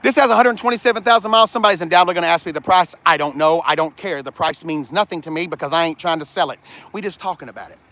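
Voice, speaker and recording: A man's voice: a little high, rapid-fire, sharp tone, no room sound. A man in a casual, jokey, rambling vlog, talking to his live chat while showing a truck. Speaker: car vlogger. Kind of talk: casual livestream walkaround.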